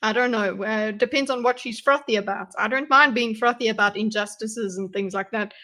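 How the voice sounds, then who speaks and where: A woman with a high, bright voice reacts on a livestream. She is chatty and wry and laughs often between remarks. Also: brisk. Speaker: livestream commentary host. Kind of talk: casual reaction commentary.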